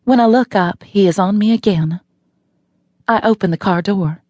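A woman's voice: mid-range voice, normal speed, a little mellow, no room sound. A woman narrating a novel in the first person, wry and matter-of-fact, recorded in a studio. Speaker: audiobook narrator.

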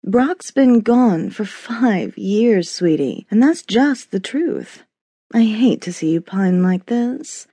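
A woman narrator voicing a sultry, teasing middle-aged woman friend in an audiobook, speaking low and slow. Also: lively intonation, mellow, breathy edge, no room sound, heavily acted. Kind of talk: audiobook character voice.

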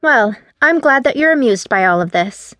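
A woman reading an audiobook voices a frightened, short-tempered teenage girl, raising her voice higher and tighter than her narration. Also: animated, moderate pace, dry recording. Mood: annoyed. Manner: tense, pleading, higher and louder than the narration. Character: scared teenage girl, anxious and curt. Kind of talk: audiobook character voice.

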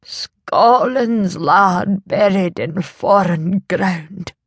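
A woman's voice: mid-range voice, dry recording, full character voice. A woman voicing a dying old Scottish laird. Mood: wistful. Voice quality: reedy, rattling breath. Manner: slow, gravelly, rising to strained outbursts. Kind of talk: audiobook character voice.

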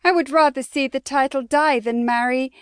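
A woman's voice: high-pitched, steady tone, normal speed, clean tone, no echo, clean studio sound, pitched above the performer's own voice, natural voice. A woman voicing a defiant, fiery young noblewoman in an audiobook, speaking indignantly. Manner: indignant, emphatic. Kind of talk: audiobook character voice.

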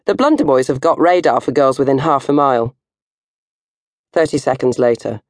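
An older woman reading her own comic novel in first person, animated and jumping to high squeals for effect. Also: normal speed, no echo, clean studio sound.

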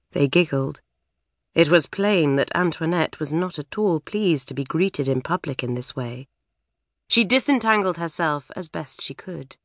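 A woman narrating a children's novel with lively, expressive storytelling in a studio. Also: fairly low pitch, no room sound. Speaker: audiobook narrator. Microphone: studio microphone.

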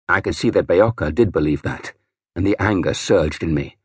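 Husky male audiobook narrator. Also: sits low, normal speed, a little mellow, no room sound, clean studio sound. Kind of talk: scripted first-person narration.

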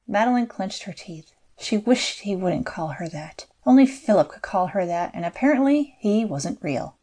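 A woman narrating a fantasy audiobook in a measured, scripted storytelling style. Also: medium pitch, lively intonation, mellow.

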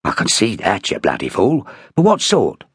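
A male narrator playing a gruff, scornful army sergeant who talks in a blunt, coarse growl. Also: lowish voice, wildly swooping pitch, normal speed, fairly bright tone, no room sound, clean studio sound, heavily acted.

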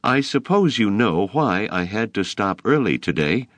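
A prim, self-satisfied schoolteacher woman with an unctuous, measured way of speaking, as a male narrator puts her on, her voice lifted above his own low register. The sound is dry and close. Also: huge pitch swings, husky, no echo, exaggerated voice.

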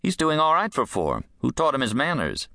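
A man's voice: mid-range voice, huge pitch swings, normal speed, gravelly, pushed and bright, no echo, pitched above the performer's own voice, full character voice. A male audiobook narrator playing a probation officer who questions people in a firm, probing, dry way.

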